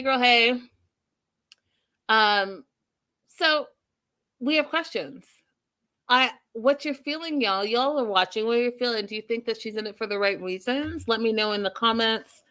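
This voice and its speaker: A woman's voice: medium pitch, bright, forceful tone. A woman hosting a casual live recap show and talking straight to her viewers and their chat comments. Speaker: host.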